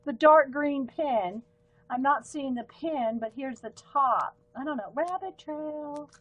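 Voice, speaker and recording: A woman's voice: high-pitched, unhurried, highs cut off. Chatty Southern woman showing off pens. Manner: chatty, rambling, easily sidetracked. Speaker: livestream art host. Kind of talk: casual live-stream chat while demonstrating pens.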